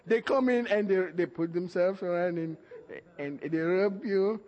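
A man preaching a sermon, calling out to the congregation and shouting at the peaks while acting out the voices he quotes. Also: high voice, expressive, a little slow, lo-fi sound. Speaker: pastor. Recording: church hall reverb.

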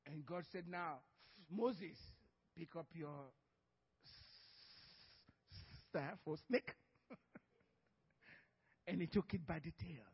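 Husky-voiced laughing pastor, lo-fi. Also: male voice, fairly high pitch, drawn-out words, long pauses, big-room sound. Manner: storytelling, laughs often, acts out dialogue. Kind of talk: sermon.

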